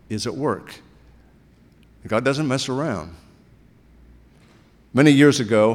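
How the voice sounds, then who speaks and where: Guy preaching a chatty storytelling sermon, voice ringing around a big church hall. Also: on the low side. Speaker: pastor. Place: church sanctuary. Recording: long reverb of a church hall.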